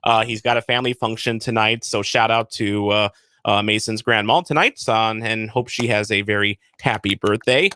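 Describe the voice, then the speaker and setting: A man's voice: fairly low pitch, pushed and bright, no echo. A man hosting a podcast in a casual chat, who reads ads loosely and stumbles over lots of "uh" fillers. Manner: halting, many "uh" fillers. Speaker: podcast host.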